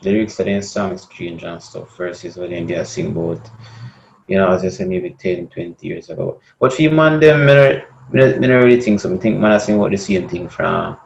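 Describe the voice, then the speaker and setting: A young Jamaican man co-hosting a podcast, speaking in a halting way and repeating words as he thinks. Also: low-pitched, gravelly, a little hiss or hum. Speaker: podcast co-host. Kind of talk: casual debate chat. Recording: dull lo-fi sound.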